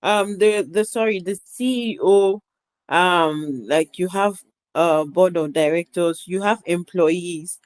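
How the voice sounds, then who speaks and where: A woman's voice: lowish voice, slow pace. A woman student answering a question in an online class over a video call, with many restarts and fillers.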